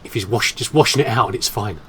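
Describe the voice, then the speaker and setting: A gaming commentator talks through his horror game playthrough in a playful, musing, self-mocking way. His fairly low voice is bright and forceful, he talks fast, and slight background noise can be heard.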